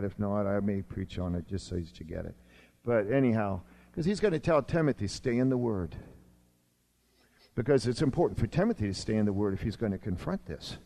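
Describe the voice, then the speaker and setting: A man in his sixties who has long served as a pastor delivers a sermon. He swings emphatically between urgent, raised lines and quiet, low asides.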